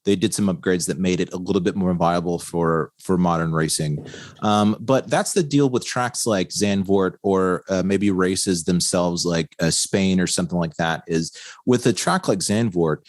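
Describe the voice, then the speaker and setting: A man co-hosting a racing podcast, talking casually with lots of fillers and quick laughs. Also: sits low, no room sound, clean studio sound. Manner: rambling, laughs often, many fillers. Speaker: podcast co-host. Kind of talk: casual chat.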